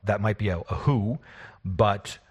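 A man's voice: lowish voice, measured pace, husky. A man who is the game master, recapping a tabletop session in a casual, rambling, self-deprecating way.

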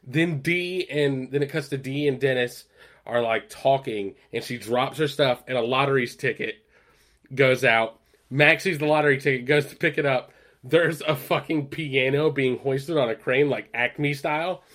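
A man with a voice of ordinary pitch chats casually on a podcast. He rambles through a retelling with plenty of ums and likes, and his voice rises and gets louder when he acts out what characters say. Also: normal speed. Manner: rambling, lots of fillers, acts out quoted lines louder. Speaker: podcast co-host. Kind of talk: casual chat, retelling a TV episode.

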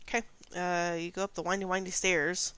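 Low, smooth-voiced woman running a game. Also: brisk, no echo, poor audio. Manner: relaxed, descriptive narration with fillers. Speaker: game master. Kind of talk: narrating a tabletop game.

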